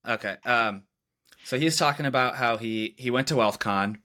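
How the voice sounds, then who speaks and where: A man's voice: medium pitch, normal speed, pushed and bright. A young man casually telling a story in a podcast chat, loose and filler-heavy, with lots of "like" and "you know". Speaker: videographer, podcast co-host.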